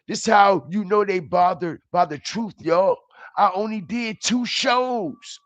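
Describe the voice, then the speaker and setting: A man's voice: high-pitched, dry recording. A man hosting a livestream, ranting in a heated, confrontational way, taunting and repeating himself. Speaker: livestream commentary host. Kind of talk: profane ranting livestream commentary. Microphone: streaming setup mic.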